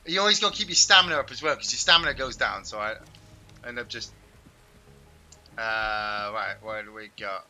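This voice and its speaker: A man hosting a game stream, giving excitable, shouty commentary with playful trash talk. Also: medium pitch, normal speed, pauses often, soft background music. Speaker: gaming host. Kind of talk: live gameplay commentary.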